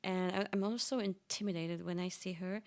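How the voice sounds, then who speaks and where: A young woman streamer chatting casually and telling stories excitedly, laughing often. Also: lowish voice, brisk. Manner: excitable storytelling with frequent laughs.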